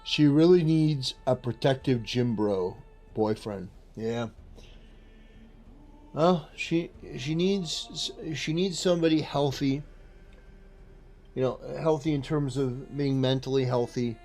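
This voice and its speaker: A man's voice: medium pitch, slow, a little mellow, soft background music. A man giving blunt, scornful reaction commentary over a played clip. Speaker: reaction streamer.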